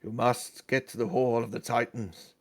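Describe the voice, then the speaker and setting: A man giving voice to a fading male god in a tabletop game. His speech is slow and grave, lower and softer than his usual talk. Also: steady tone, gravelly. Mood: solemn. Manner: slow, solemn. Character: weakening male sun god, solemn.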